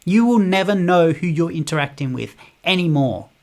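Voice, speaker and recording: A man's voice: a little high, lively intonation. Indignant man ranting. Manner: indignant, rapid-fire rhetorical. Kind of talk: political commentary monologue.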